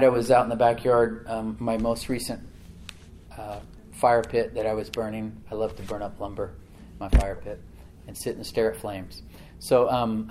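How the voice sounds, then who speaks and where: A man preaching a sermon in a homespun storytelling voice, with mid-range pitch. He drops to quiet asides and then rises into loud, emphatic declarations, repeating his key phrases. A faint noise sits under the recording. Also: low-quality recording.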